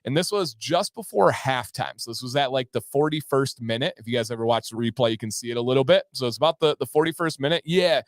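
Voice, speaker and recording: A man's voice: medium pitch, lively intonation, quick pace, few pauses, dry recording, studio quality. A man hosting a casual livestream, talking enthusiastically and reading out viewers' names. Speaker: livestream host.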